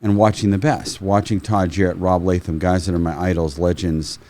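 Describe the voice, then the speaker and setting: A middle-aged man, a firearms trainer, telling stories in a casual, animated way, swearing freely and acting out quotes. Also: deep voice, a little fast. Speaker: firearms trainer, podcast guest. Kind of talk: casual storytelling.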